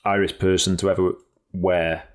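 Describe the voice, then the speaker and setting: Deep-voiced blunt man in casual chat. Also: moderate pace. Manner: blunt, energetic, swears freely, frequent restarts. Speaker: podcast co-host and cycling pundit.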